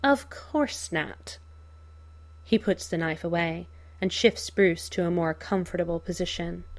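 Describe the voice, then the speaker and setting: A woman narrating a fan fiction audiobook in a measured, unhurried storytelling manner. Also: fairly low pitch, flat delivery.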